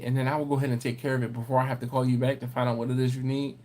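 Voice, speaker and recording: A man hosting a barbecue livestream, chatting casually and reading viewer comments aloud, with a rambling, animated storytelling manner. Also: medium pitch, very fast. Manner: rambling storyteller, animated when telling anecdotes.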